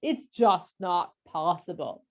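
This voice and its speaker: A woman's voice: fairly low pitch, takes it slowly. A woman voicing an overwhelmed male leader who pleads and complains in a flustered way. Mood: protesting.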